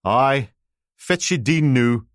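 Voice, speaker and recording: A man voicing a small, wrinkly old grandfather with a broad, gruff Aberdonian accent in an audiobook. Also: mid-range voice, animated, slow pace, no room sound, clean studio sound, voice pushed up. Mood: grumbling. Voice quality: broad, gruff Doric dialect.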